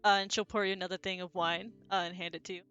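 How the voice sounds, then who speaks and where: A woman narrates as game master, setting each scene in a loose, rambling way full of fillers. Her voice is clear and smooth. Soft music plays far behind. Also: lowish voice, flat delivery, racing, highs cut off. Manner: loose, filler-heavy description.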